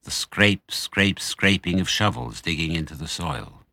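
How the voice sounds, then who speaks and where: An older man narrating a children's story with dramatic, expressive reading. His voice is low yet bright, rising and falling widely. It sounds dry and close. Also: unhurried, dry recording.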